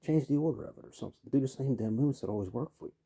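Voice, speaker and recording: A man in his fifties talks in a loose, rambling rant, full of "you know" and "man". His low voice is gravelly and husky, with a very dark, mellow tone. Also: very fast. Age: 50s. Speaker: vlogger. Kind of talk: casual rant to camera.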